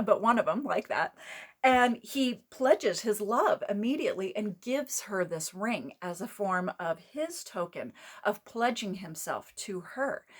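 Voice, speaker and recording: Woman, channel host, casual teaching talk, rambling, self-correcting, close mic. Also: fairly high pitch.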